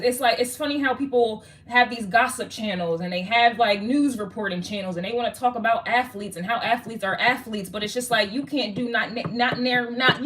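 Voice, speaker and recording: A woman's voice: fairly high pitch, a bit bright, a little hiss or hum. A woman giving a casual tarot reading, slangy and swearing, talking straight to the viewer. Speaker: tarot reader.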